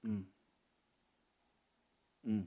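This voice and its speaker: A man preaching a sermon in a fervent, emotional, drawn-out way. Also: warm tone, dry recording.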